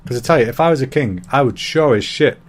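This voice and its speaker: A man's voice: mid-range voice, animated, quick pace. A man from Britain hosting a comedy podcast, ranting in a rambling, sweary way and laughing at his own jokes. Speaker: podcast host. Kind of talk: comedic rant monologue.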